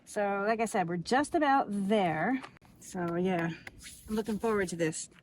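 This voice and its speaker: A woman's voice: mid-range voice, measured pace, a little mellow, slight background noise, rough recording. A woman hosting a casual cooking vlog outdoors, chatting and thinking aloud as she cooks. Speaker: cooking vlogger. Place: outdoors by a camper.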